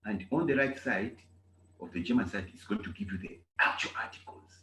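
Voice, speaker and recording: A man from Zambia, teaching a German class in an animated way and repeating key phrases. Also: lowish voice, brisk. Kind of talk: online class lecture. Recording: echoey room with faint noise.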